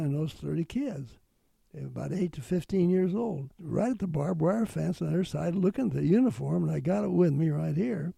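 An older man telling a wartime story in an interview, earnest and halting with restarts. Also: a little high, vocal fry, dark tone, breathy edge, dry recording.

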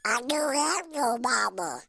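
Yankee Doodle, a squeaky little cartoon duckling. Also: male voice, animated, unhurried, pushed and bright, full character voice. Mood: pleading. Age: 90s. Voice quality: squeaky, childlike and breathy. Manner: plaintive, pleading. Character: tiny lost orphan duckling, scared and pleading.

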